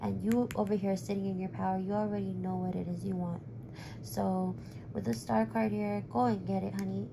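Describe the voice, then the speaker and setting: A woman's voice: mid-range voice, flat delivery, moderate pace, gravelly, background noise. A woman giving a live-stream tarot reading in a direct, reassuring way, her voice worn and close to giving out. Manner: direct, reassuring, calls the viewer honey. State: losing her voice. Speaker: tarot reader.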